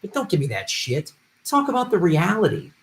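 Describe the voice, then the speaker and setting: A man hosting a political commentary livestream, reading viewer donations and ranting with heavy profanity, swinging from muttering to shouting. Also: sits high, wildly swooping pitch, fairly quick.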